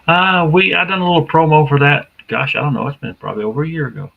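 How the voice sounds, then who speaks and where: A folksy man co-hosting a podcast, easygoing and full of ums and uhs. His voice is gravelly and husky, with a lively rise and fall. The sound is dull and lo-fi. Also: a little high, fast. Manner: folksy, easygoing, lots of fillers. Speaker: podcast co-host. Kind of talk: casual chat.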